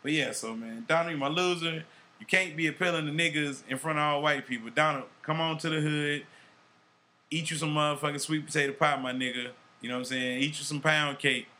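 Brash, profane podcast host man. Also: medium pitch. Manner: animated, heavy swearing, street slang. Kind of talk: casual profane chat.

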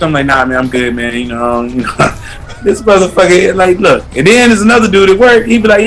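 A man's voice: high-pitched, fairly quick, fairly bright tone, faint music behind. A man co-hosting a casual, profane podcast chat, laid-back and given to storytelling rants. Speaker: podcast co-host.

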